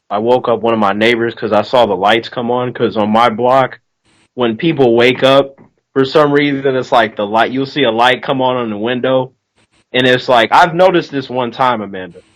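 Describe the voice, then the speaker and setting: Casting note: man co-host, mid-pitched, lively casual storyteller who acts out quotes. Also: moderate pace, poor audio. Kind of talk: casual chat.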